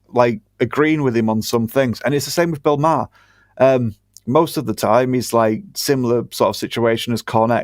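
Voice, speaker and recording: A man's voice: medium pitch, dry recording. A British man co-hosting a podcast, chatting casually in a blunt, sweary, sarcastic way. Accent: British English. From Britain. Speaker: podcast co-host. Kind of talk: casual chat.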